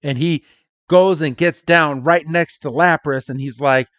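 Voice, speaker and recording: A man's voice: a little high, a little slow, no room sound, dull audio. Laughing, blunt male podcast co-host. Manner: animated, laughing, blunt with swearing. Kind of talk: casual episode recap chat.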